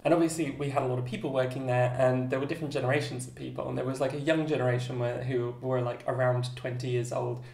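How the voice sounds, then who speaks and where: A woman's voice: low voice, a little mellow, roomy sound. Candid, wry woman telling a story. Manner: candid, wry, self-deprecating humor. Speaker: YouTuber. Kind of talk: casual storytelling to camera.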